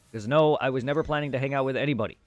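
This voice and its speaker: A male streamer talks into his desk mic to his live chat. He vents, blunt and frustrated, his voice sitting at a middling pitch. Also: dry recording, muffled recording. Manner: frustrated, venting.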